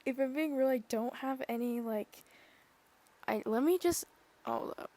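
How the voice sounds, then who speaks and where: On her own podcast, a young woman vlogger chats casually, rambling and gushing with lots of fillers and now and then dropping to a whisper. Her voice is mellow, a little high, and a little slow.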